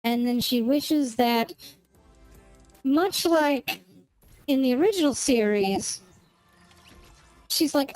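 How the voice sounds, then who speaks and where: A woman's voice: sits high, expressive, takes it slowly, long pauses, darkish tone, dry recording, soft background music, low-quality recording. A woman streamer chatting casually while she plays, rambling and searching for words as she goes. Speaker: gaming streamer. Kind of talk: casual chat while playing a game.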